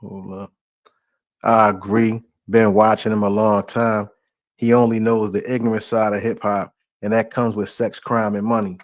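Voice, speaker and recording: A man's voice: lowish voice, little pitch movement, moderate pace, no room sound. A man hosting a live stream in a loose, laid-back, rambling way and inviting viewers to join. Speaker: host. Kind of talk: casual live-stream talk.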